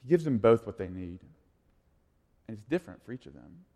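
A man's voice: on the low side, a little fast. Casual man preaching in a reverberant hall. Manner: casual, conversational, swings from quiet asides to animated storytelling. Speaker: pastor. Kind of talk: sermon. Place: church sanctuary. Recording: long reverb of a large hall.

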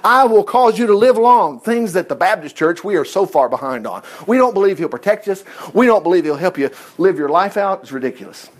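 A man reading scripture aloud and breaking in with animated, exclamatory asides, teaching a Bible lesson. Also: high-pitched, fairly quick, hardly any pauses.

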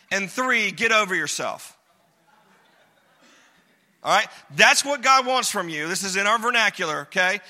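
A man preaches a sermon in a very bright, high voice. His delivery is casual and joking, and he drives points home by repeating them. The sound lingers in a large reverberant church hall. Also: animated, a little slow, pauses often. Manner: conversational, joking, emphatic repetition. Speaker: pastor.

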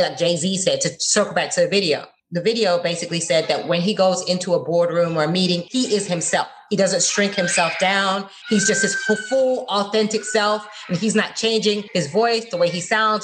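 A woman from Florida speaks as an interview guest, her words tumbling out at a quick clip. She talks in an animated, expressive way, with a voice of ordinary height for a woman. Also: medium pitch, a little hiss or hum. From Florida, USA. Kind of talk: conversational interview.

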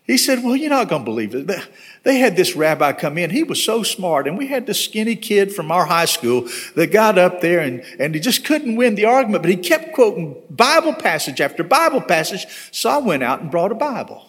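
Pastor preaching an animated sermon. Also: male voice, high voice, fairly quick, breathy edge. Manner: earnest, ends in prayer. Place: church sanctuary.

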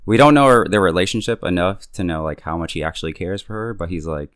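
A man's voice: deep voice, fast, hardly any pauses, clean tone, no echo, studio quality. A young man casually recapping a TV episode in slangy talk, chuckling now and then and acting out the characters' lines. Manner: laid-back, slangy, chuckles often, acts out characters' lines. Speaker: podcast host recapping a show. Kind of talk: casual chat.

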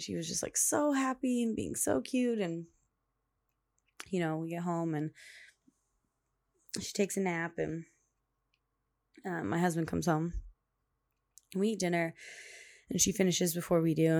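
A young woman tells a story on her podcast in a loose, rambling way and scatters "like" through every sentence. Her voice sits low for a woman. The recording is dry and close, with no room sound. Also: little pitch movement, measured pace, gravelly, long pauses, mellow, dry recording. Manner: chatty, rambling, full of "like" fillers. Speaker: podcast host.

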